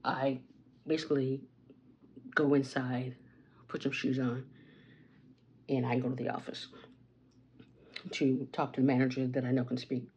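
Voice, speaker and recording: A woman's voice: extremely low pitch, flat delivery, unhurried, long pauses, darkish tone, muffled recording, slight background noise. A woman vlogging at home, chatting through a rambling story with asides about her makeup. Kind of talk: casual get-ready-with-me storytime.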